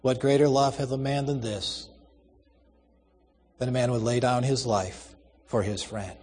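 A man playing a gentle, self-sacrificing old convict. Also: a little high, expressive, unhurried, long reverb tail. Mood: pleading. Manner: gentle, pleading, quietly resigned.

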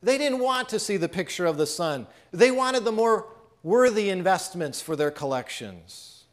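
A male preacher who tells a story with a high voice. He speaks in a dramatic way and drops almost to a hush on his key lines. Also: lively intonation, moderate pace. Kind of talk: sermon storytelling.

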